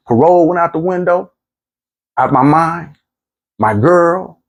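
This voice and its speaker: A man's voice: a little high, expressive, a little slow, gravelly, muffled recording, a little hiss or hum. A middle-aged man candidly recounting his own past in a plainspoken, street-casual way, often repeating himself. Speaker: former prisoner telling his story. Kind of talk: candid storytelling monologue.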